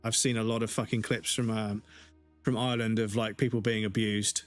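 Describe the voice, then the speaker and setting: A man's voice: lowish voice, level tone, a little fast, soft background music. A man streaming a game, ranting heatedly in casual chat and swearing constantly.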